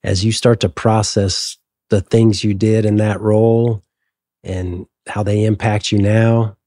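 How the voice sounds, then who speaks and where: A middle-aged man, a former military pilot, speaking as an interview guest in a measured, hesitant, reflective way. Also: fairly low pitch, little pitch movement, warm tone, no room sound, clean studio sound.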